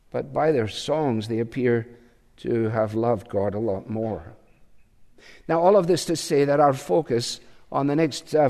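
A male preacher delivering a sermon in a slow, deliberate way, pausing often to reflect. His voice sits at an ordinary pitch for a man, and it carries a long reverb from a large hall. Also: mellow.

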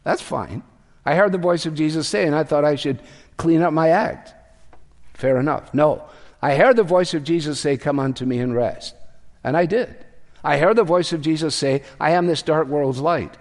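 A man's voice: on the high side, normal speed. A man preaching in a church sanctuary, his slightly raised voice carrying a long hall reverb. He is earnest and asks his listeners direct questions, shifting his delivery for emphasis. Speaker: pastor. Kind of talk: sermon.

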